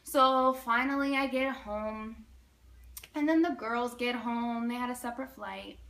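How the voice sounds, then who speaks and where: Bright high-voiced young woman telling a story. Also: a little slow. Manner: animated, dramatic, lots of "like". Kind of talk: casual personal anecdote.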